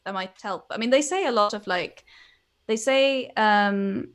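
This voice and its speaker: A woman's voice: medium pitch, measured pace, clear, resonant tone. Swedish-born woman in her twenties, casual podcast co-host, chatty, loose restarts. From Sweden. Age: young adult. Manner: chatty, laughs easily, trailing restarts. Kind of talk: casual chat.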